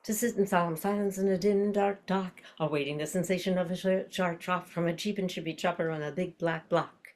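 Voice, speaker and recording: Older woman with a low voice teaching voice class. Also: fairly even intonation, a little fast, few pauses, darkish tone. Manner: demonstrates with tongue-twisters and nonsense syllables, reflective. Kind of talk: online class lecture.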